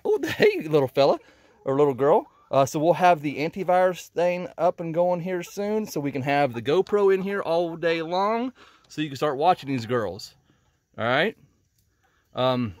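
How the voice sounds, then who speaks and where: A chatty man with a slightly higher voice records a casual vlog inside a greenhouse chicken coop. He is a little out of breath and laughs often, with hens clucking around him. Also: no echo. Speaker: homesteading vlogger. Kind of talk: casual walk-and-talk vlog.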